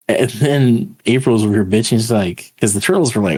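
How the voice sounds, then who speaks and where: A man with a low, husky voice co-hosts a podcast in loose, casual chat. He retells scenes in a sweary, laughing way. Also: normal speed, darkish tone. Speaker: podcast co-host.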